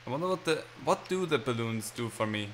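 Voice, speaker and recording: A man's voice: mid-range voice, expressive, a little fast, a bit bright, slight background noise. A man giving casual, rambling, self-mocking commentary while he plays a video game. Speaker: gaming channel host. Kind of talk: casual let's-play commentary.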